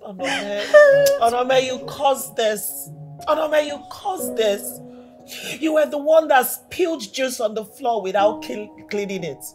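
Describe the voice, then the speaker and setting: A woman's voice: high voice, sing-song, slow pace, faint music behind, full character voice. A woman playing a grieving young mother who curses and wails, in a film drama. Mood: enraged grief. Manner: wailing, cursing, shouting.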